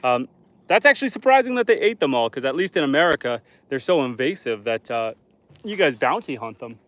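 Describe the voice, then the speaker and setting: A man's voice: medium pitch, very animated, fairly quick, a bit bright. A man from northern Canada, a homesteader livestreaming outdoors by a lake, chatting casually with viewers and joking while he fishes. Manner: chatty, joking, talks to chat while fishing. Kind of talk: casual live stream chat.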